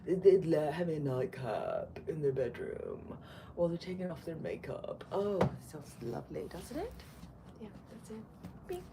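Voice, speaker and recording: A woman's voice: low-pitched, huge pitch swings, normal speed, heavy background noise. Crude, playful woman in her fifties. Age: 50s. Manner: loud and playful, swings to loud bursts and whispers; crude, swearing jokes. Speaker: vlogger. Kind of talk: casual chat to camera.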